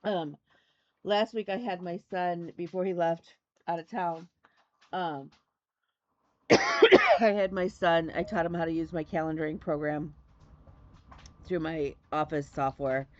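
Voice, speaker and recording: Her low voice stays fairly even and a little slow, darkish in tone, with no room sound and dull audio. She's a middle-aged woman from Michigan hosting a stitching video, a flosstube host chatting casually. Her enthusiasm is effusive and repetitive, full of "love me a."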